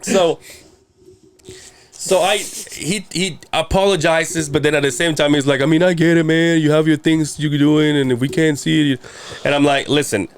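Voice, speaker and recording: A man's voice: fairly high pitch, fairly even intonation, normal speed, a little hiss or hum. A man in his thirties telling a long personal story in casual chat, rambling and profane, acting out the people he quotes. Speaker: podcast guest telling a story.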